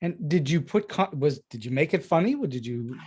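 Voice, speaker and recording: Podcast host guy, kinda high voice, quick curious follow-ups. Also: expressive, darkish tone, breathy edge. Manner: brief, curious follow-up questions. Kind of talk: interview questions.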